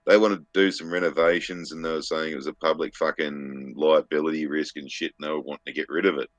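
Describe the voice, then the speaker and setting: A man's voice: extremely low pitch, quick pace, dry recording. An Australian man telling a long story in casual chat, heavy on swearing and mimicking the people in it. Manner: sweary, animated, mimics other people's voices. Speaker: podcast co-host.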